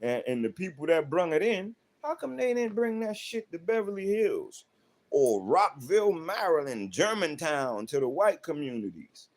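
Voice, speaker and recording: A man's voice: on the high side, big pitch swings, normal speed, a little mellow. Profane, confrontational man ranting with AAVE. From South Central Los Angeles. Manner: profane, confrontational, rhetorical questions. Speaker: livestream host. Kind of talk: ranting monologue to chat.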